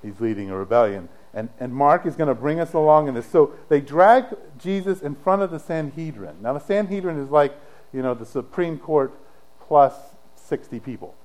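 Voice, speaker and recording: Animated conversational male preacher. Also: a little high, moderate pace, poor audio. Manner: conversational, animated storytelling with dramatic drops to hushed tones. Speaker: pastor. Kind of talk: sermon.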